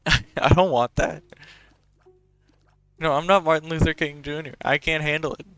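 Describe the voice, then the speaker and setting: A man's voice: fairly high pitch, fairly even intonation, unhurried, a bit bright, clean tone, no room sound. A young man, talking in a casual, rambling and profane way as a podcast host.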